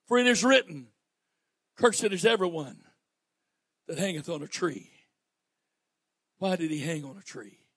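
A man with a Southern US accent preaching a sermon as pastor, swinging from quiet asides to loud, emphatic reading. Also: a little high, normal speed, pauses often, no echo.

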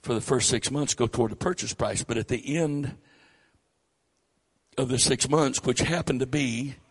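An older man with a Southern accent preaching a sermon, rising loud and high on key phrases. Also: moderate pace, breathy edge. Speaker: pastor.

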